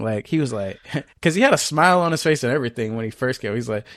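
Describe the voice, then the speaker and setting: Podcast co-host, man, casual storyteller, dry close mic, lively swings in pitch. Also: fast talker, dry recording. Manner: animated, acts out both sides of a story.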